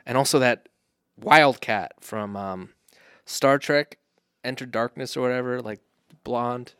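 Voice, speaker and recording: A man's voice: medium pitch, unhurried, a bit bright, clear, resonant tone, no echo, studio quality. A man co-hosting a casual film podcast, jokey and rambling, with many "like"s. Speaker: podcast co-host. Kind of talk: casual chat about films.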